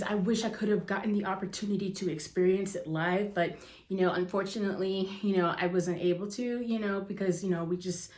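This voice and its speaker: A woman in her thirties hosting a wrestling talk show, gushing and emotional, calling her viewers "you guys" and exclaiming "oh my gosh.". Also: mid-range voice. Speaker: wrestling vlogger. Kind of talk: excited casual chat to camera. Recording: echoey room.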